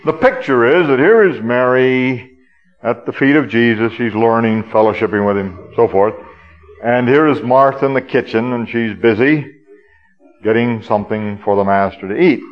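A man delivers a sermon in an earnest teaching manner and often hesitates with fillers. His voice sits at a middle pitch for a man. The recording is dull and lo-fi. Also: normal speed. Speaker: preacher.

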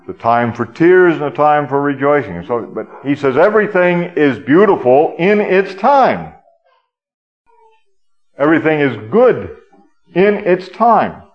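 A man's voice: on the high side, sing-song, a little slow, highs cut off. A man preaching a sermon, teaching earnestly with frequent hesitations and fillers.

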